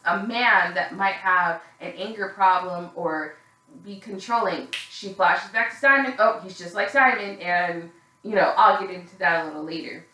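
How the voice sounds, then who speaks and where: A woman's voice: fairly high pitch, sharp tone, roomy sound, rough recording. A woman casually recapping a reality show, candid and gossipy, swearing freely with plenty of fillers, sounding a little tired.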